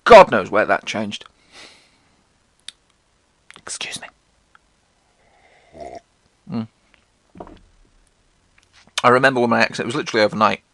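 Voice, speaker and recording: A man's voice: mid-range voice, a little slow, long pauses, fairly bright tone. A young man from England with a posh English accent, telling school stories in a sardonic, sweary, theatrical way. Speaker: vlogger. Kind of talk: casual storytelling monologue.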